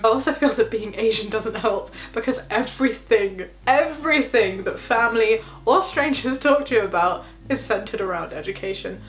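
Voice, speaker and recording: A young woman chatting casually about her PhD life, laughing often and acting out quotes in high voices. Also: moderate pace, hardly any pauses, a bit bright. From England. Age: young adult. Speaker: PhD student vlogger. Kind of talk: casual reaction vlog.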